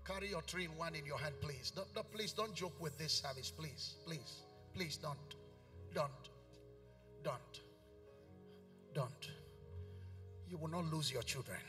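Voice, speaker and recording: A man's voice: fairly high pitch, unhurried, pauses often. A man with a Nigerian accent preaching a sermon as pastor, pleading and emphatic, repeating short commands again and again. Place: large church hall. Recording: reverberant church hall with keyboard. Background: soft keyboard music.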